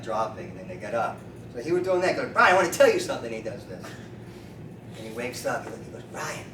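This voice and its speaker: A man in his fifties, a chiropractor, telling lively stories at a meeting and acting out the people he quotes. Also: mid-range voice. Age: 50s. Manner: animated storyteller acting out quoted voices. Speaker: chiropractor, featured speaker. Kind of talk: storytelling talk to a meeting. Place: meeting room. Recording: roomy, distant mic with faint noise.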